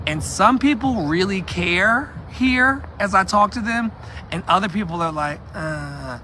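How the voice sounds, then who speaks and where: This activist vlogger's voice is high, expressive and bright, with a forceful tone and a slightly slow pace, over a little hiss or hum. He walks outdoors giving an impassioned street vlog, repeating himself emphatically and speaking aside to his audience.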